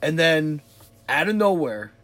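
A man's voice: fairly high pitch, sing-song, a little slow, fairly bright tone. A man in casual chat, telling a party story in a rambling way, repeating his words as he goes. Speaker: friend chiming in on the story.

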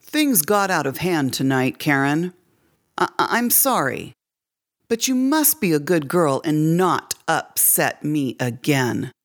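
Woman doing a low, menacing stepfather. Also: very animated, takes it slowly, full character voice. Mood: stern. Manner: low, cold and threatening. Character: menacing, angry stepfather, grown man.

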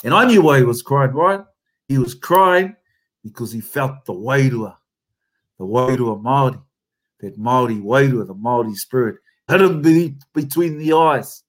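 Man, New Zealand accent, haka teacher, emphatic storyteller, casual interview, mid-pitched voice. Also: expressive, moderate pace. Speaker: haka teacher and company founder.

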